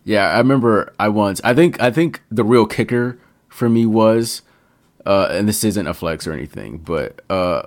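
Homme à la voix grave, animateur de podcast joueur, ton d'emcee. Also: male voice, fairly low pitch, expressive, normal speed. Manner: playful, dramatic emcee-style delivery, swears freely. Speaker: podcast co-host. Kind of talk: casual podcast chat.

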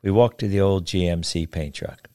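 A man in his seventies reading his own folksy story, then chatting in an unhurried way with some hesitation. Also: low-pitched, warm tone, no echo, clean studio sound. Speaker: storyteller, author.

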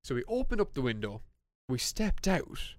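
A young Irish man co-hosts a podcast, telling a story in relaxed conversation, lively and laughing, frequently starting over. His voice sits mid-range at a moderate pace, with no echo.

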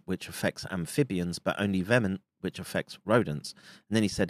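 A man delivering a monologue commentary, halting and restarting with frequent fillers. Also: low voice, dry recording.

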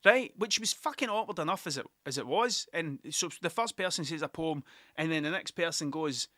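Bright, sweary Scottish storyteller man. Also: a little high, a little fast, no echo, studio quality. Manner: sweary, rambling, laughs at himself. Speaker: musician telling stories. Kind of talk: casual storytelling monologue.

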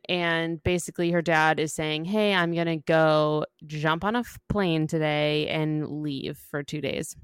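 A woman co-hosting a podcast, recapping a book in an easygoing way, with quick acted-out quotes. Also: deep voice, smooth, dry recording, clean studio sound. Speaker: podcast co-host.

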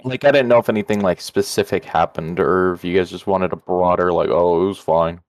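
A man co-hosting a casual podcast chat, reacting excitably to what he is watching. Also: sits low, a little fast. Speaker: podcast co-host.

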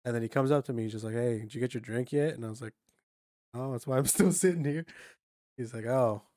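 A laid-back man at an ordinary middle pitch tells a story among friends. He drops soft and low when he quotes himself, and the sound is dry and close. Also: fast talker, no room sound. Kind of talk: casual chat.

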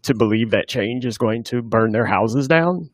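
A man's voice: medium pitch, moderate pace, no echo, studio quality. A man hosting a casual political podcast chat, earnest and agreeable.

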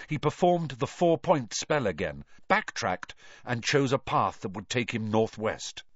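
A man giving a lively, dramatic storybook narration, in a dull, dry recording. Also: mid-range voice, no room sound. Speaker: audiobook reader.

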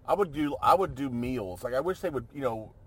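A man's voice: medium pitch, animated, fairly quick, fairly bright tone, husky. A man chatting casually as a co-host, rambling and joking, often trailing off and restarting. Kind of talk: casual chat.

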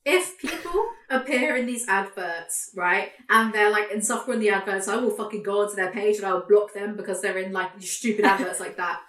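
A woman hosting a podcast, ranting in a casual chat, animated, sweary and sarcastic. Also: mid-range voice, fairly quick, few pauses, reverberant. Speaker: podcast host, YouTuber.

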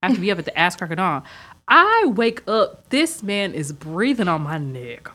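A young woman co-hosting a laid-back podcast tells a dating story, acting out the other people's voices as she goes. Her voice is fairly low and her speed is normal. She is animated throughout and performs the quoted dialogue.

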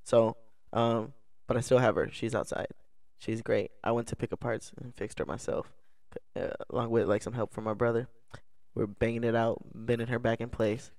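A man's voice: mid-range voice, fairly even intonation, normal speed, vocal fry, darkish tone, dry recording, clean studio sound. A young man, a podcast co-host, telling a story in casual chat, rambling and restarting his sentences and laughing along the way. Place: indoor podcast setup.

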